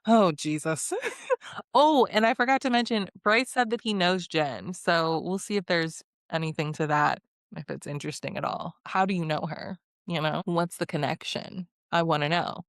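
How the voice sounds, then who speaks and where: A woman's voice: fairly low pitch, normal speed, no room sound. Sassy young woman recapping, dry sound. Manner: sassy, blunt, laughs often, acts out quotes. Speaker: reality show recapper. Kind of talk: casual recap vlog.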